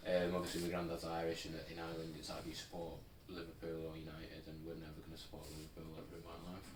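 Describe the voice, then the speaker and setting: Deep-voiced young man chatting casually. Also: monotone, fast talker. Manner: laid-back, rambling with many fillers. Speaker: podcast co-host. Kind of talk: casual chat. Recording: roomy, distant mic, faint noise.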